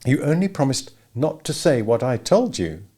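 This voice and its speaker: A man voicing a stern, earnest teenage girl in a novel, raising his pitch. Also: big pitch swings, normal speed, warm tone, breathy edge.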